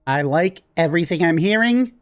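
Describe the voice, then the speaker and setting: A man's voice: a little high, expressive, moderate pace, natural voice. A man voicing a laid-back male demon with a bear face who leads a cult, speaking casually in a tabletop role-play. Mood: chummy. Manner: casual, easygoing, recruiting with a shrug.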